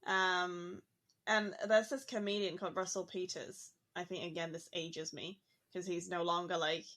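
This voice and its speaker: A woman's voice: on the low side, level tone, normal speed, fairly bright tone. A woman talking casually on a podcast, musing aloud with lots of "like" fillers. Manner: chatty, musing, frequent "like" fillers.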